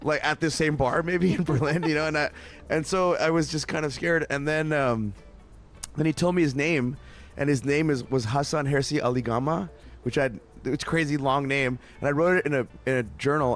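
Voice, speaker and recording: A man's voice: fairly high pitch, fairly even intonation, fairly quick. A man from Canada, a musician interview guest, telling stories in a rambling way with many restarts. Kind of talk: casual interview chat.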